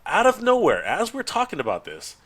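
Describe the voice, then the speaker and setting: Here a toy YouTuber on a podcast spins a casual story, his voice sitting high and his pace fairly quick. He animates the quoted lines himself, laughs a lot, and keeps restarting his sentences.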